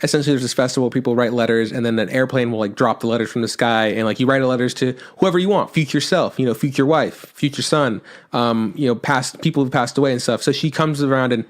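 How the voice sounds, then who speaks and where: A man co-hosting a podcast talks fast and animatedly into his microphone. He retells scenes in casual chat, acts out the quotes and swears freely, at a middle pitch. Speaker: podcast co-host. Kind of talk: casual chat recapping an anime.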